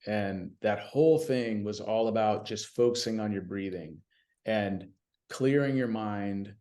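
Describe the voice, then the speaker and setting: A man telling stories as a guest in a casual podcast conversation, animated and chatty, often saying "you know what I mean.". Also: on the low side, unhurried. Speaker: podcast guest, BMX announcer.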